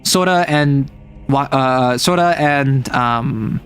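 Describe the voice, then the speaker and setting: A man streaming a casual chat, retelling a story in an animated, rambling way full of fillers. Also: medium pitch, slow pace, a little hiss or hum.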